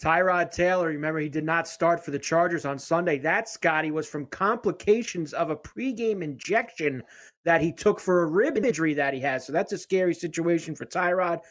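Steady man running down betting lines. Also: a little high, brisk. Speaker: sports betting show host. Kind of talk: sports news and betting lines rundown.

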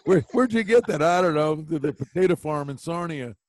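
Brief: lively male host, a bit high-pitched, animated storyteller, dry close mic. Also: brisk, no echo. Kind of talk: casual sports chat.

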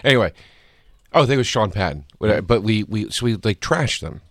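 A man's voice: fairly low pitch, lively intonation, brisk, dry recording. A middle-aged man, a guest comedian, telling a story on a casual podcast and acting out both sides of it.

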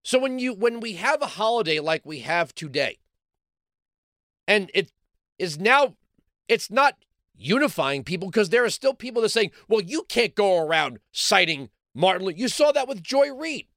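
A middle-aged New man holds forth as a talk host, his voice pitched high and swinging widely as he jabs with rhetorical questions. The sound is dry and close, with no room around it. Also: big pitch swings, moderate pace, fairly bright tone, no room sound. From New York City. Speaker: radio talk show host. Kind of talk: opinionated monologue.

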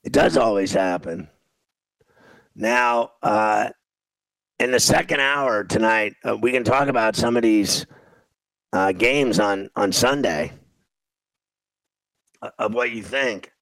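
Ranting gravelly sports talk host man. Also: on the low side, slow, pauses often, a bit bright, no room sound, rough recording. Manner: exasperated, ranting, repeats himself. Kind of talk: casual sports radio chat while watching a game.

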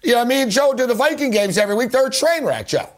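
A male sports talk radio host with a fairly high voice, talking fast and with animation. He argues his football takes hard and keeps calling his guest by name. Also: very animated.

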